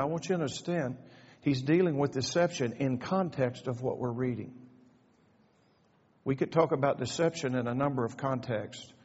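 A man's voice: medium pitch, darkish tone, slightly rough. An older man preaching a sermon in a church, folksy with joking asides and growing fervor. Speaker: pastor. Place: church sanctuary. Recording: echoey church hall, dull lo-fi sound.

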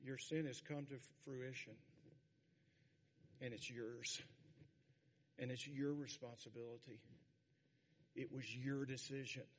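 A man's voice: medium pitch, flat delivery, slow pace, pauses often, slight background noise. Fiery older man preaching in a hall. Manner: preaches with sudden shouted peaks and folksy asides. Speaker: pastor. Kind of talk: sermon. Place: church sanctuary. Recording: long hall reverb.

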